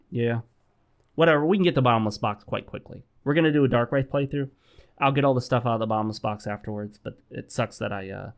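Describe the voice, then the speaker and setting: Calm lecturing man, gameplay vlog. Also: medium pitch. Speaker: gaming channel host. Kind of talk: advice talk over gameplay.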